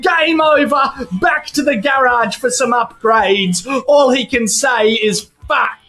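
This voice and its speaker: Casting: high-voiced, bright male narrator, sweary and excitable, comedic voice-over. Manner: sweary, excitable, shouty mock commentary. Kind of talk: crude comedic voice-over of viral clips.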